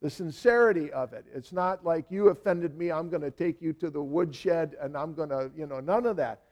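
A man's voice: fairly high pitch, normal speed, a little mellow. A male pastor giving a sermon in a conversational way, full of "you know" asides and words repeated for emphasis.

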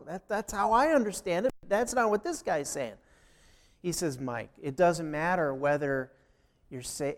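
A man's voice: fairly high pitch, darkish tone. A man preaching a sermon, telling a personal story and acting out the dialogue with emphasis. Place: church sanctuary. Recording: long hall reverb.

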